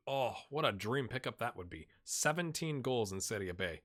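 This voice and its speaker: A male gaming host talks through his game in a casual commentary style. His voice is bright and forceful, with a lively pitch that swings up and down. He chats freely and mutters asides to himself. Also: normal speed.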